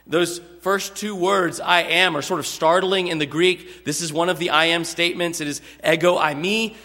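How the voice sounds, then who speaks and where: Man, sermon, bright voice, earnest emphatic preaching, long hall reverb. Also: fairly high pitch. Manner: earnest expository preaching, drawn-out emphatic words.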